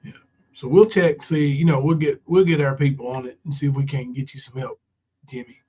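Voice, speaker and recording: A man's voice: on the high side, fairly even intonation, fairly quick, warm tone, breathy edge, dull audio. A man hosting a casual livestream, rambling with many fillers and reading viewer comments aloud. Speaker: livestream host.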